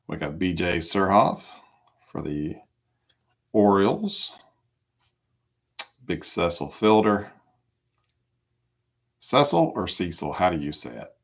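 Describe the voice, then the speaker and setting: A man hosting a live trading card break, calling out each card in a relaxed, casual way with small asides. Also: deep voice, slow, gravelly, pauses often.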